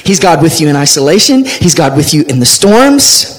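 A male pastor preaching a sermon, reading scripture aloud with animated delivery. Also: a little high, moderate pace, a little hiss or hum.

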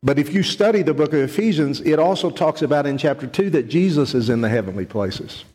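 A man preaching a sermon to a congregation, earnest, slowing down to stress key words. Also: a little high, expressive, a little mellow. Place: church sanctuary. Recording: long reverb of a church hall.

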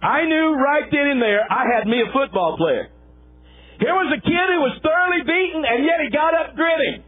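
A man preaching a sermon, telling a folksy coaching story with lively, acted-out quotes. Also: very high voice, normal speed, narrow, tinny audio, faint music behind. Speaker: pastor and former football coach.

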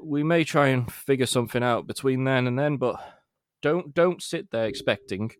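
A man's voice: mid-range voice, no echo, clean studio sound. A man co-hosting a podcast, chatting casually and rambling with jokes. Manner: rambling, quick, jokey. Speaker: podcast co-host. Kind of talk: casual chat.

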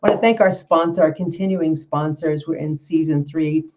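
A woman's voice: low voice, normal speed, darkish tone. A woman hosting an interview show, upbeat and encouraging as she thanks her guest and the audience. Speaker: host. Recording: slightly dull lo-fi audio.

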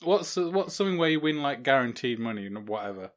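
A man's voice: mid-range voice, very animated, quick pace. A man co-hosting a podcast in casual chat, hesitant and often repeating words as he starts. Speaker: podcast co-host.

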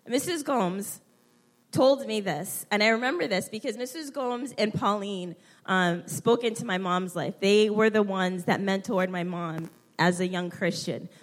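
A young woman speaking at a church gathering, heartfelt and halting as she fights back tears. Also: mid-range voice. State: close to tears. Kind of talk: emotional tribute at a church women's gathering.

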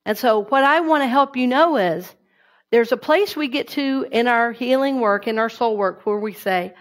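A woman's voice: fairly high pitch, normal speed. A woman giving a conversational sermon and leading the congregation in affirmations. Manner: warm, conversational preaching with affirmations. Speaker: minister.

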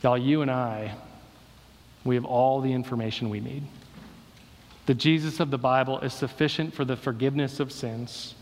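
A man's voice: medium pitch, steady tone, moderate pace, long pauses. A man preaching a sermon, delivering emphatic repeated rhetorical questions. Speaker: pastor. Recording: long reverb of a hall.

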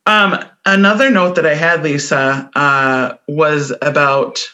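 A woman's voice: low voice, steady tone, takes it slowly, sharp tone. A woman with a Midwestern accent co-hosting a podcast in casual chat, explaining things and laughing often. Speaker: podcast co-host.

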